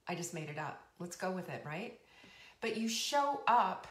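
In a sing-song voice on the low side, at a moderate pace, a woman in her fifties hosts a live cooking and wellness show. She chats casually in a bubbly, rambling way, laughing often and repeating things emphatically, and the recording has roomy echo.

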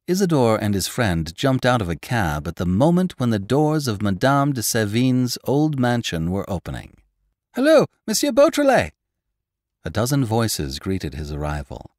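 A low-voiced man reads a classic adventure story aloud as the host of an audiobook podcast. His delivery is animated, with wide swings in pitch as he brings the scenes to life. The recording is dry and close. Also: moderate pace, few pauses, dry recording. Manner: expressive, voices characters with raised pitch. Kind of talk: scripted audiobook narration.

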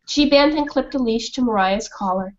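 A woman's voice: a little high, moderate pace, lo-fi sound. A woman children's author reading her story and asking a class questions, heard over a video call.

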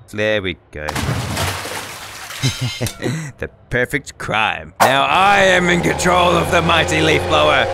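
A man doing loud, excitable, profane gameplay commentary, taunting enemies as he plays. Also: medium pitch, very noisy. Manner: loud, excitable, swearing, trash-talking. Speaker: gaming YouTuber.

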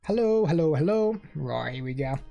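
A man's voice: a little high, lively intonation, normal speed, gravelly, dark tone, muffled recording, faint music behind. A young man chatting casually on a live stream, rambling and answering chat messages.

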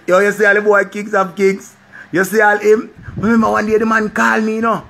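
Very high-voiced Jamaican man telling a story. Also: a little fast, creaky, a little hiss or hum. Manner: animated, mixing patois and slang. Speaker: vlogger. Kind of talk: casual storytelling.

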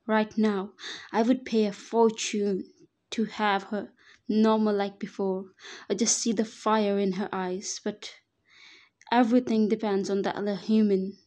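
A woman reading a first-person fan fiction story aloud in a steady narration, now and then correcting herself. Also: mid-range voice, a little slow.

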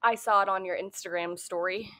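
A woman's voice: medium pitch, steady tone, a little fast, a bit bright, no room sound. Female podcast co-host, teasing and terse, with a dry, close sound. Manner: short dry replies, teasing. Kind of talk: casual chat.

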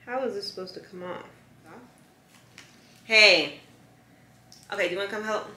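A young woman vlogs in a casual, chatty way to the camera, her mid-range voice moving at a moderate pace in an echoey room at home. She talks easily and coaxes her dog softly as she goes.

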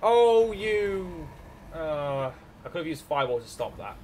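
A man's voice: a little high, very animated, measured pace, darkish tone, slight background noise. A young Scottish man with a sore throat, chatting casually and joking while streaming a strategy game. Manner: rambling, chatty, jokey, laughs often. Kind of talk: casual live-stream chat.

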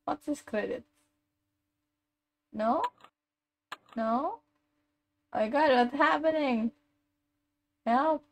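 A woman live streaming a game, reacting loudly and chatting with her viewers as she plays. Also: high-pitched, very slow, long pauses. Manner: animated, exclamatory, talks to chat while playing. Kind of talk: live gaming stream chat.

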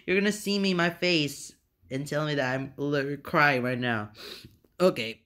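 A man's voice: on the high side, moderate pace, pushed and bright. A man hosting a reaction video, laughing helplessly to the point of tears as he talks. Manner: helpless laughter, talking through giggles. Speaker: channel host.

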